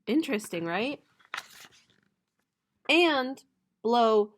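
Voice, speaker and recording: Slow, playful woman reading to children. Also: fairly high pitch, lively intonation, slight background noise. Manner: slow, playful reading with bright, loud animal-sound imitations. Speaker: teacher. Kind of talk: picture book read-aloud for students.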